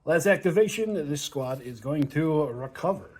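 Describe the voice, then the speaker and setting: Man, slightly high voice, casual wargame battle report, counting dice aloud, chatty, laughs a lot. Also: expressive, moderate pace. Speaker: tabletop wargame player and channel host.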